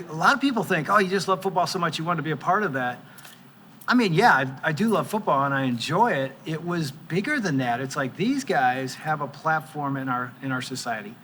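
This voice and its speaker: A man in his sixties, a pastor, telling the story of his ministry in a casual, animated way. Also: on the high side, slight background noise. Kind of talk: church service talk and testimony.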